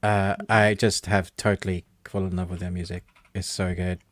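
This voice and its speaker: Brief: male podcast co-host, lowish voice, dry close sound, upbeat chatter. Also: level tone, normal speed, no room sound. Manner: chatty and enthusiastic, with frequent laughs. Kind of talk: casual chat, reading out viewer comments.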